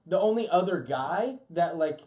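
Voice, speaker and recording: A man's voice: fairly high pitch, lively intonation, moderate pace, a little mellow. A man chatting animatedly as a guest voice actor on a podcast, with many fillers. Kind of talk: casual podcast chat.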